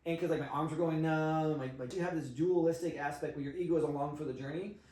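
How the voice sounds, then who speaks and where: A man telling a personal story in casual conversation, animated and swearing freely. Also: fairly high pitch, fast. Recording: roomy, distant mic.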